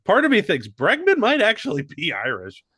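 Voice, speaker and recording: A man's voice: high voice, wildly swooping pitch, moderate pace, bright, forceful tone, slightly rough, no echo. A man co-hosting a casual comedy sports podcast, wry and casually profane. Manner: dry, wry, swears casually. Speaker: podcast co-host.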